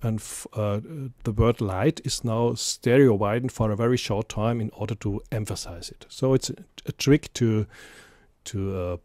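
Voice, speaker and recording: A man explaining music mixing in a software tutorial, hesitant and full of fillers. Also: on the low side, normal speed, no echo, clean studio sound. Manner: hesitant, many fillers and restarts. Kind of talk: screen-recorded software tutorial.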